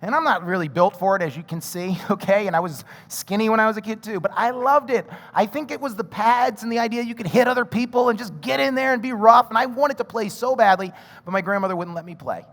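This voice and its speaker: A man preaches with a fairly high voice, shifting into animated storytelling and quick acted-out lines. His sermon rings with the long reverb of a large hall. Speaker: pastor.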